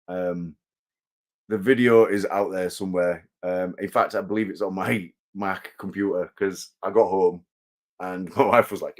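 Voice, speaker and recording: A man, a wrestler guesting on an interview show, telling rambling self-deprecating stories. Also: on the low side. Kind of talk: casual interview chat.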